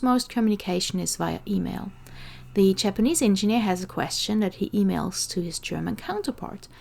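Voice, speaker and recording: A woman with an Austrian accent hosts an interview podcast in a mid-range, creaky, slightly mellow voice. Keeping it conversational, she asks questions and explains things directly through worked examples.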